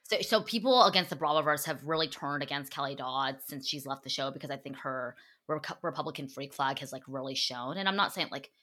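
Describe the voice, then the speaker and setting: Low-pitched, bright-toned gossiping woman. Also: a little fast. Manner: chatty, full of "like" fillers and swearing. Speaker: podcast host. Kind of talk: casual gossip chat.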